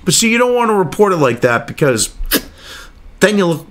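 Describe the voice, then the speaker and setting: A man's voice: high voice, very animated, brisk, a bit bright. A man reading news articles aloud and cutting in with angry, profane, sarcastic rants, as host of his own commentary show.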